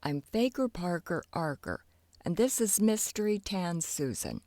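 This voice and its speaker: A woman's voice: on the low side, very animated, unhurried, warm tone, no echo. A woman voicing a boastful, careless young boy in a children's storybook, cocky and chatty.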